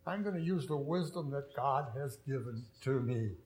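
A man's voice: mid-range voice, expressive, moderate pace, a little mellow, roomy sound, low-quality recording. A man who is a pastor, preaching an earnest sermon with storytelling and self-deprecating humor.

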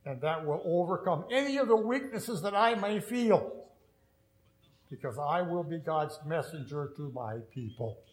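Slow, earnest male preacher. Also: on the high side, lively intonation, roomy sound, poor audio. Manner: earnest, storytelling, self-deprecating humor. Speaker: pastor. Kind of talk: sermon.

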